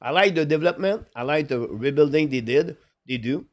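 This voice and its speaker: A man's voice: on the high side, animated. A man hosting a live hockey stream, reading viewer comments in broken English with constant "uh" fillers. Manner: halting, full of "uh" fillers; broken, non-native English phrasing. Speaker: live show host.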